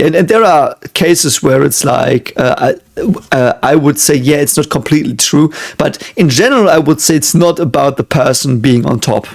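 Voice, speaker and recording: A man's voice: a little high, creaky. A man with a German accent, hosting a casual reaction video and musing earnestly, often circling back on his own words.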